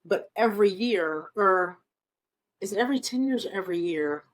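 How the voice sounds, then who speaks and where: Animated and mid-range in pitch, a Broadway performer from Omaha, Nebraska, speaks at a moderate pace as a guest in a casual interview. She's chatty and enthusiastic as she tells stories, with frequent ums.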